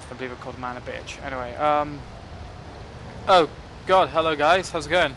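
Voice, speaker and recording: Excitable young gamer, bright voice. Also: male voice, a little high, brisk, a little hiss or hum. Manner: excitable, joking and cursing at the game. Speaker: gaming commentator. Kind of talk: casual gameplay commentary.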